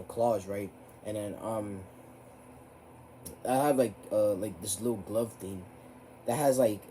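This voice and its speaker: Rambling, profane teenage guy with a mellow voice. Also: slight background noise. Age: teens. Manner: rambling, profane, voice jumps high when riled up. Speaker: vlogger. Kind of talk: casual storytelling to camera.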